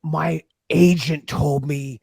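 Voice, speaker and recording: A man playing a slow-witted middle-aged office worker, a podcast guest calling in by video, with a dim, blunt manner and husky voice. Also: fairly high pitch, steady tone, warm tone, no echo, clean studio sound, full character voice. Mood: dopey. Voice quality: gravelly, husky. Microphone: video call.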